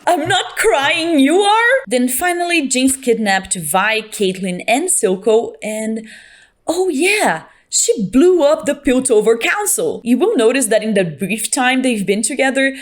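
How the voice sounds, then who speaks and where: A woman's voice: on the high side, lively intonation, a little slow. A young woman reviewing a TV show on camera, chatting casually with a sarcastic, playful edge. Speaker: video reviewer.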